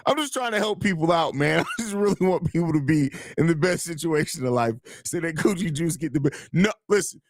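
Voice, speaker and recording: Casting: young guy, podcast host, high voice, loose profane banter, dry close mic. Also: lively intonation, fairly quick, hardly any pauses, dry recording. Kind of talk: casual live-stream chat.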